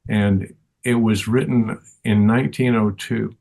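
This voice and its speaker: An older man, a teacher, answering interview questions in a slow, earnest and reflective way. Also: lowish voice, steady tone, gravelly, darkish tone.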